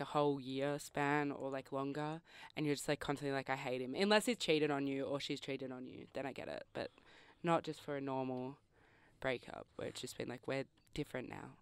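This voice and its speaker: A woman's voice: deep voice, normal speed, smooth, dry recording. A young woman with an Australian accent co-hosting a student radio show, rambling with lots of fillers and giggles. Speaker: radio co-host. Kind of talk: casual radio chat. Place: radio studio. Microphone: studio mic.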